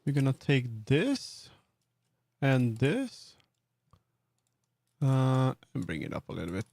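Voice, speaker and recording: A man's voice: medium pitch, huge pitch swings, takes it slowly, gravelly, long pauses, darkish tone, no echo, studio quality. A man with a Swedish accent, streaming and chatting casually as he builds in 3D, rambling with many fillers and restarts. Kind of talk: casual live-stream commentary while working in 3D.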